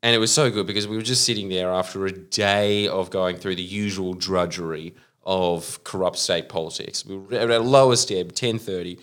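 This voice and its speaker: A young Australian man on a casual podcast, telling a story with lots of swearing and loud acted-out quotes. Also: low voice, normal speed, few pauses. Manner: animated storyteller, swears, acts out quotes in loud put-on voices. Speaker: podcast host.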